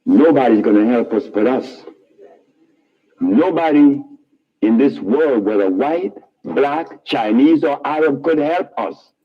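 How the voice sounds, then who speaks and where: A man telling his life story in a rambling, animated way, often laughing at his own remarks. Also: mid-range voice, slow, husky, narrow, tinny audio.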